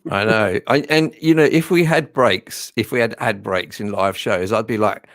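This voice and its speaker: A man's voice: lowish voice, normal speed, dry recording. Rambling aussie guy hosting a live stream, bit of an english lilt, dry close sound. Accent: English-tinged Australian. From Australia. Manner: chatty, self-deprecating, rambling. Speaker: host. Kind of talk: casual live-stream chat.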